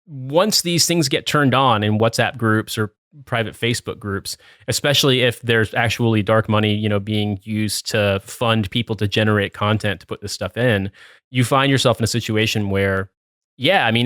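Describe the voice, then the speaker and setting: A man's voice: mid-range voice, moderate pace, a bit bright, no echo, studio quality. A man hosting a podcast chat, reading a news article aloud with sardonic asides and swearing. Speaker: podcast host.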